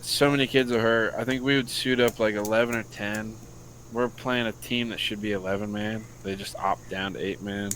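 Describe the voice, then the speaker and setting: A man's voice: lowish voice, steady tone, moderate pace, fairly bright tone, a little hiss or hum, poor audio. An American man, a podcast co-host and youth football coach, telling a story loosely and profanely in casual chat.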